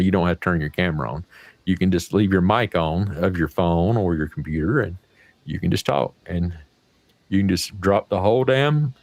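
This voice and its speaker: A fairly low-pitched American man chats casually as the host of a livestream. His talk is folksy and salty, and it rambles from one point to the next. The sound is dry and close, with no room echo. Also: darkish tone. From United States.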